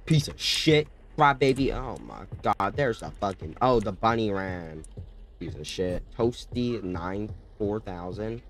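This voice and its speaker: A young man hosting a horror game let's-play, muttering low and bursting into screamed, profane threats. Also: expressive, measured pace, slight background noise. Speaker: gaming channel host.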